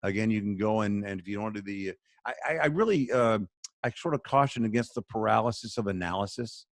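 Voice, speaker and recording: Male charity spokesman, earnest and sermon-like, lower voice, dry video-call sound. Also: quick pace, no echo. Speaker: charity spokesman, radio guest.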